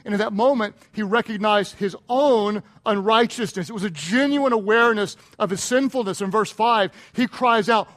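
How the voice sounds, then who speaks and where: A man with a notably high voice preaches a sermon. He swings from a soft, close hush to loud, hammering emphasis and leans on repetition for punch. He sounds like a church pastor working a congregation. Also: normal speed, hardly any pauses. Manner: impassioned, swings from hushed and intimate to loud and emphatic; repeats phrases for rhetorical punch.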